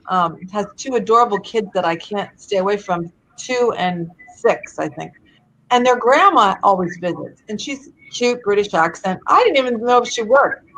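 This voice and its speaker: A woman guest on a webinar, telling stories in a bubbly, animated way over a video call. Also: mid-range voice, rough recording. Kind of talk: casual storytelling chat.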